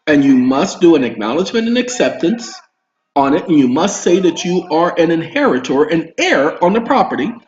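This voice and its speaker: A man speaks straight to his viewers in a rambling, emphatic monologue. His voice sits a little high. The sound is roomy and a bit dull, like a home recording. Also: very animated, moderate pace. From Southern US roots. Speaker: video host. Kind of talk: casual monologue to camera.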